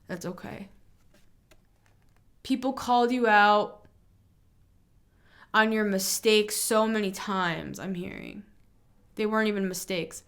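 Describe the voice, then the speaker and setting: A woman talking through a tarot reading in a relaxed spoken style. She is earnest and reassuring, and she muses aloud as she goes, with frequent fillers and restarts. Her pitch sits in an ordinary middle range for a woman. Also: slow, long pauses. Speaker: tarot reader.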